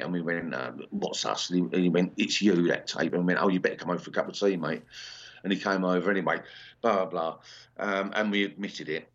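An English man in his sixties, a punk singer chatting in an interview, rambling with many ums and restarts. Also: deep voice. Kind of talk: casual interview chat. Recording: slightly dull lo-fi sound.

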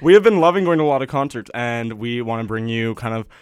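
Man, radio co-host, smooth clear voice, dry studio sound, upbeat chat. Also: mid-range voice, expressive, quick pace, no room sound. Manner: friendly, upbeat, easy laughs.

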